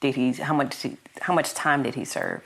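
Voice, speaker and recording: A woman with a very deep, gravelly voice hosts an interview. She asks her guest short, attentive questions. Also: expressive, moderate pace, fairly bright tone. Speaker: host.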